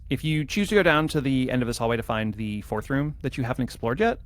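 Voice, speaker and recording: A man's voice: medium pitch, lively intonation, quick pace. A man narrating as game master, explaining the scene carefully with frequent hesitations and restarts.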